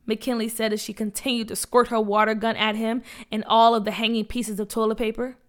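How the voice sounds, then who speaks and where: A woman narrating a children's story aloud in a lively read-aloud style. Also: a little high, a little fast, hardly any pauses.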